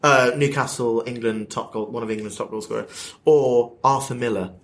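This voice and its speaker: A playful man hosts a casual podcast chat, reading out quiz questions with an easy, joking manner. His voice sits at an ordinary middle pitch, and he laughs often between lines. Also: steady tone, normal speed. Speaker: podcast host running a quiz.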